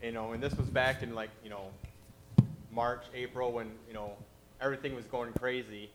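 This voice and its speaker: A man's voice: medium pitch, steady tone, normal speed, noisy background. A man giving a sermon in a conversational way, with frequent "you know" fillers. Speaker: preacher.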